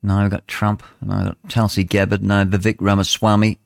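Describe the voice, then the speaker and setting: A man's voice: on the low side, monotone, brisk, vocal fry, dry recording, clean studio sound. A man hosting a radio show in casual talk, rambling and thinking aloud as he looks for his next clip. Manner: rambling, thinks aloud while hunting for clips. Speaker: radio host.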